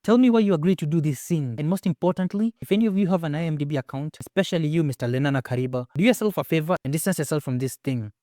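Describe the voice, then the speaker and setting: A man's voice: on the high side, very fast, few pauses, warm tone, no echo, clean studio sound. A young man, reviewing a film in a blunt, mocking, exasperated rant. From Kenya. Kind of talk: ranting movie review.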